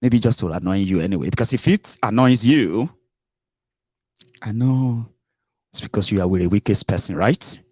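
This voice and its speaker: A man's voice: on the low side, normal speed, pauses often, darkish tone, no echo, clean studio sound. A man hosting a casual political commentary show, chatty and sarcastic, slipping into Pidgin.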